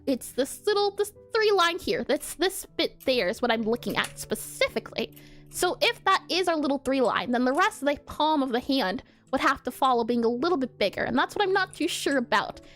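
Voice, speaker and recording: A woman streamer with a slightly nasal, nerdy voice and a scratchy throat, chatting and thinking aloud as she draws. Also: sits high. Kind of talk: casual live-stream chat while drawing.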